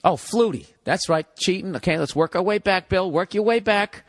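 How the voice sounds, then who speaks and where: A man's voice: high-pitched, normal speed. A man hosting a podcast, telling a rambling, profane comic story and breaking in to act out other people's voices. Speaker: podcast host.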